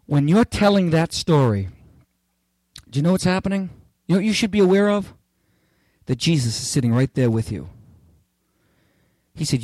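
A male pastor preaching a sermon in an emphatic, repeating way that climbs to near-shouts on key phrases. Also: a little high, no room sound. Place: church.

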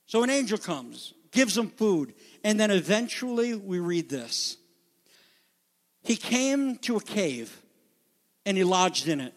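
A man preaching a sermon as pastor, moving from quiet retelling to loud, urgent exhortation. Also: high-pitched, lively intonation, takes it slowly, long reverb tail. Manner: dynamic preaching, drops to a hush then builds to loud exhortation.

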